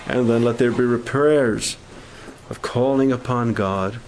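A man leading a camp prayer meeting, speaking in an informal, halting sermon style with restarts and growing fervor. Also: medium pitch, a little mellow, slight background noise, rough recording.

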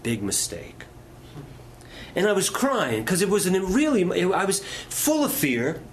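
Lively, folksy male preacher. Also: sits high, measured pace, a little hiss or hum. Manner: storytelling, folksy, asks the congregation questions. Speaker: pastor. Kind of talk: sermon.

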